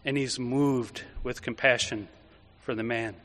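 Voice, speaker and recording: A male priest giving a homily, telling a story vividly and then turning quiet and reflective. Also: mid-range voice, steady tone, a little slow. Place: church. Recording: echoey church reverb.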